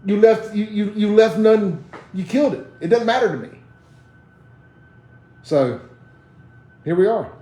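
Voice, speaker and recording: Man, mississippi southern accent, blunt defiant rant, fairly high voice, echoey room sound. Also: warm tone. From Jackson, Mississippi, USA. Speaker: host of a live social media talk show. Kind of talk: ranting live commentary.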